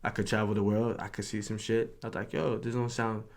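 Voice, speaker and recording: A young man in his twenties from New York, a podcast guest telling stories in a relaxed slang-heavy way, now and then acting out someone yelling. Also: lowish voice, brisk, creaky. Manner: laid-back slang-heavy storytelling, acts out drill sergeants yelling. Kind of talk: casual chat.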